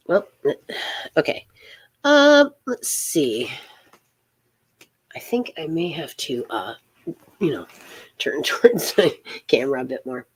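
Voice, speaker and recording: Low-pitched woman, unhurried, rambling tarot host with lots of fillers, middle-aged. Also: slightly rough. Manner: rambling, halting, with many fillers and soft laughs. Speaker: tarot reader hosting a live stream. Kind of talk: casual live-stream tarot reading.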